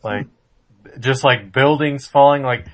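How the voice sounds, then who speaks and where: Excitable crude-talking podcast guest, man. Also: mid-range voice, unhurried. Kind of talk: casual chat.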